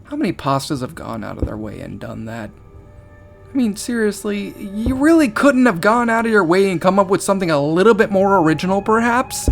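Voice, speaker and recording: A man's voice: high voice, lively intonation, brisk, creaky. A man commenting on a horror story as he reads it aloud, exasperated and sarcastic, swearing often.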